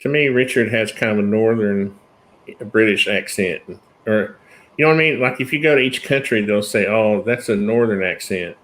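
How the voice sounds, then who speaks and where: A man's voice: fairly low pitch, normal speed, fairly bright tone, slight background noise. A man with a Southern American accent chatting casually, making short dry remarks. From southern United States. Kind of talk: casual chat.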